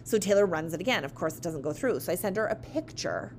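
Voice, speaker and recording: A woman's voice: lowish voice, fast talker, a little hiss or hum. A woman who owns a dance studio, telling a story in a casual chat and acting out the voices of the people she quotes. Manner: animated, acts out quoted voices.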